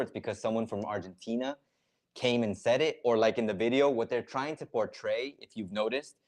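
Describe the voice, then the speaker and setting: A man hosting a casual live reaction stream, explaining slang in a loose, filler-heavy way. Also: fairly low pitch. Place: lives in Ecuador.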